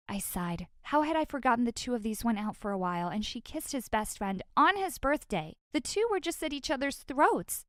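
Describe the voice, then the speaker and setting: A woman narrates a first-person story in a wry, exasperated voice. Her voice is fairly high and the recording is dry and close, with no room sound. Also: expressive, moderate pace, few pauses, no room sound.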